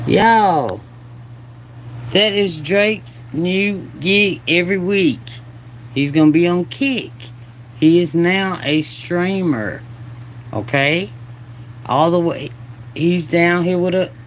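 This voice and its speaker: Male reaction host, higher-pitched, slow and drawn-out, laughing asides, faint noise behind. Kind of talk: casual reaction commentary.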